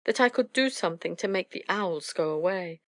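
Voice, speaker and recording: A woman's voice: fairly low pitch, animated, a little fast, no room sound, lightly acted. A woman voicing a mischievous little boy who pretends to be an elf, impish and sing-song. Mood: wishful.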